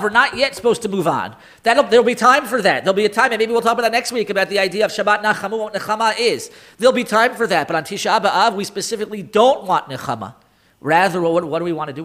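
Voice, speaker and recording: A man teaching a Torah class in lecture style, animated, often repeating and restarting words and acting out sighs and groans. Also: high-pitched. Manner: acts out sighs and groans for effect.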